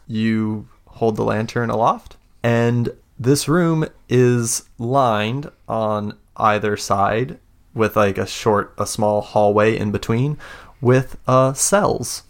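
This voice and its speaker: Slow, gravelly-voiced man running a game. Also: fairly low pitch. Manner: halting, full of fillers. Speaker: game master. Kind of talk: narrating a tabletop game.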